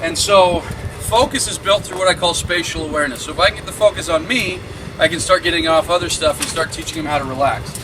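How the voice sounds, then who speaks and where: A man working as a dog trainer, explaining his training method in an energetic, chatty way with plenty of fillers. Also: fairly high pitch, fast, background noise. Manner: energetic and explanatory, lots of "you know" and "like". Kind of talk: instructional walkthrough. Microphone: camera following him while he works. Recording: distant mic with music behind.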